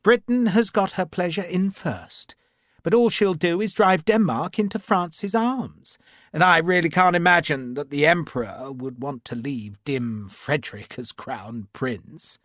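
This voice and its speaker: An audiobook narrator voicing a smooth, cheerfully mocking aristocratic renegade officer. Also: male voice, a little high, unhurried, fairly bright tone, dry recording, clean studio sound, pitched above the performer's own voice. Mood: urbane, mocking. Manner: urbane, mocking, genteel.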